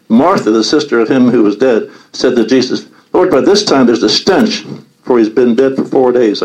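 A man's voice: mid-range voice, a little mellow, rough recording. A man leading a Bible study, reading scripture aloud and commenting on it earnestly.

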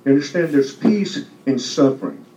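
A man's voice: medium pitch, animated, moderate pace, background noise. A man giving a loose, conversational testimony to a church congregation, often asking if they understand. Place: church hall. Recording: echoey hall from far off, dull sound.

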